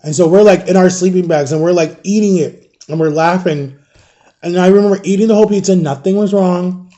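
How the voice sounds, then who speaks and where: High-voiced man telling a story. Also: fairly quick. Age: 30s. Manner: animated, acts out the people in his stories. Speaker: storytime vlogger. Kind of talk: casual storytelling.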